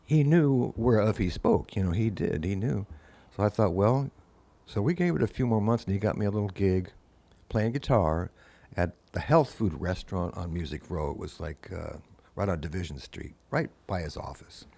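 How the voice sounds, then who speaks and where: This deep, creaky voice belongs to an older male guest musician speaking at a moderate pace. He's casually storytelling, spinning long anecdotes and giving lively voices to everyone he quotes.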